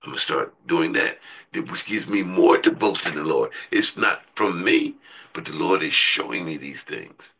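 A man's voice: normal speed, slightly rough, poor audio. A man preaching a sermon in a conversational way, asking his listeners rhetorical questions. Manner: conversational, asks the congregation rhetorical questions, voice jumps high when excited.

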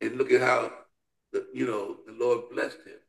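A man's voice: medium pitch, level tone, moderate pace, gravelly, a bit bright. A man leading a Bible study discussion, preaching with an emphatic, repetitive call-and-response cadence. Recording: roomy echo.

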